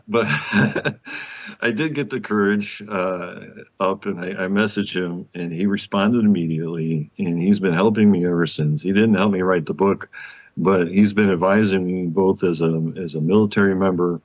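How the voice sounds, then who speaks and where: A man, a guest author, telling a story in an interview, animated and laughing often as he acts out the dialogue. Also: sits low, normal speed, highs cut off.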